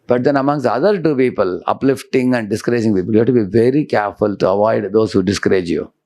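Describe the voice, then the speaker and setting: Man, devotional lecturer, gravelly voice, chatty, checks in with the audience. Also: on the low side, fast talker, dark tone. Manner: conversational, checks in with listeners. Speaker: monk lecturer.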